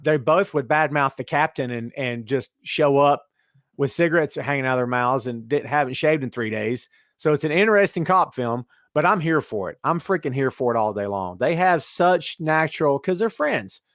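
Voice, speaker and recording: A man hosting a casual wrestling podcast, talking in an animated way and reading listener comments aloud. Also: mid-range voice, normal speed, dry recording, studio quality. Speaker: podcast host.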